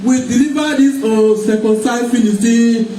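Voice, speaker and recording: A man's voice: extremely high pitch, normal speed, mellow, faint music behind. A man voicing a brave young shepherd who insists confidently, in a sermon retelling. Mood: insistent. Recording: echoey hall, mic far off, faint noise.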